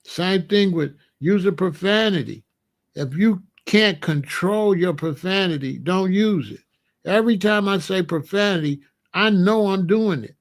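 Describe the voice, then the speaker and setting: A man's voice: high-pitched, unhurried. A middle-aged man from the United States telling a story in a casual monologue, repeating phrases for emphasis. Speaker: commentator.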